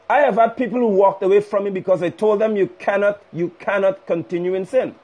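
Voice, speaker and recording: Fiery high-voiced male preacher. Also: steady tone, fairly quick, hardly any pauses, darkish tone. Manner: fiery, rebuking, emphatic repetition. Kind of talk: livestreamed preaching. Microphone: phone livestream.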